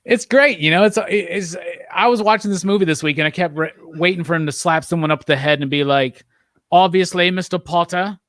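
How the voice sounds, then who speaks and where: A man hosting a casual movie review chat, talking with animated enthusiasm and leading the discussion. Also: fairly high pitch, fairly quick, few pauses, no room sound. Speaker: podcast host.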